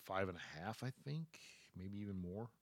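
A man's voice: deep voice, lively intonation, normal speed, no echo, studio quality. Joking guy talking sports. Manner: loose, joking, trails off and restarts. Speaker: sports talk co-host. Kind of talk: casual sports chat.

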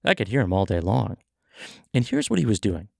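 A man with a gravelly, textured voice talks in an animated way, his pitch swinging up and down as he acts out conversations and coaches his listeners. The sound is close and dry, with no room around it. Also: a little fast, no echo. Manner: animated storytelling, acting out dialogue. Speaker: podcast host, sales coach. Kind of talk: motivational podcast talk.

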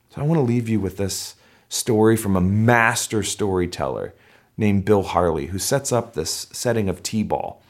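A middle-aged man preaching a sermon and telling a story. His voice sits a little low, but it jumps up into loud shouts whenever he acts out the cheering crowd. The storytelling is animated and full of momentum. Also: moderate pace. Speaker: pastor.

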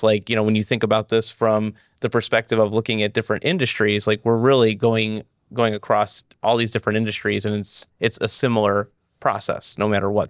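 A man hosting a podcast, talking in a rambling way with halting restarts. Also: on the low side, smooth, no echo, studio quality. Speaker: podcast host. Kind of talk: casual podcast interview.

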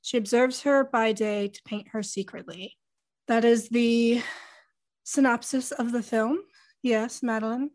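A woman with a fairly high voice hosts a podcast, friendly and brisk as she lays out a film's details. Her voice is close to the mic and dry. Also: steady tone, darkish tone, no room sound. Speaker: podcast host. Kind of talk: casual chat.

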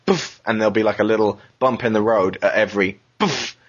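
Male podcast host, husky, keen and sweary; dull lo-fi sound. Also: on the low side, steady tone, fast. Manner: enthusiastic, swears freely, acts out quotes. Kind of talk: casual podcast chat.

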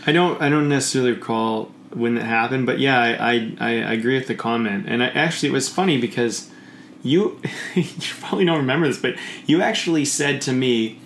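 A man talking in casual conversation, rambling and animated, often swearing and acting out the voices he quotes. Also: mid-range voice, a little fast. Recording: echoey room with faint noise.

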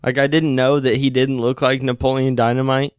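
Laughing young man, smooth dry voice. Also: mid-range voice, level tone, a little fast, no room sound. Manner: laughs often, swears casually. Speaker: podcast co-host. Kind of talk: casual chat.

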